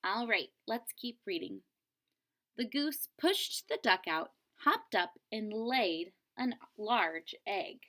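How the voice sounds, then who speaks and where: A woman's voice: medium pitch, animated, takes it slowly, a bit bright. A woman teacher reading a picture book aloud to children, expressively and stopping to explain word meanings. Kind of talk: read-aloud storybook lesson.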